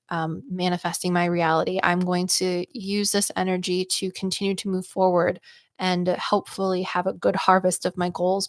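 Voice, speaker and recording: A woman with a lowish voice hosts a casual livestream as a psychic medium, reading out viewer comments. She's chatty and loose, leans heavily on "like" and "um," and laughs quickly; there's no echo.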